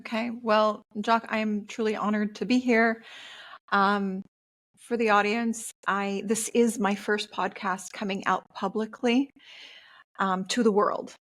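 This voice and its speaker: A woman's voice: mid-range voice, steady tone, measured pace, a bit bright. A woman speaking as a podcast guest in an earnest, heartfelt way. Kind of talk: interview conversation.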